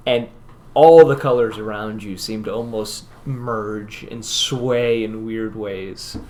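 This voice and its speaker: A man's voice: fairly low pitch, slow pace. Laid-back male game master. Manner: relaxed, rambling descriptions with laughs. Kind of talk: narrating a tabletop game.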